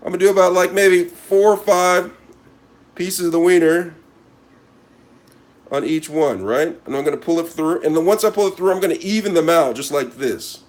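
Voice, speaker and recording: Man, cooking host, fairly high voice, mock-serious running commentary while he works. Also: normal speed. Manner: mock-serious, repeats a catchphrase, talks to viewers as he works. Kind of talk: casual cooking demonstration to camera.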